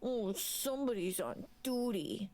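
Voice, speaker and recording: A woman's voice: fairly high pitch, lively intonation, a little slow, a crowd in the background. A woman voicing a playful woman teasing a police officer in a babyish, taunting tone.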